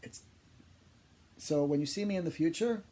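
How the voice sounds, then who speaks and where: A man, a psychic medium, telling funny stories to camera in a chatty, animated, self-deprecating way. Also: a little high, normal speed. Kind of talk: storytelling monologue to camera.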